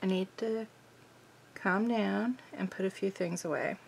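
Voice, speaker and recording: A woman hosting a crafting video, chatting casually and thinking aloud, bubbly and easily excited. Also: mid-range voice, unhurried, creaky, slight background noise.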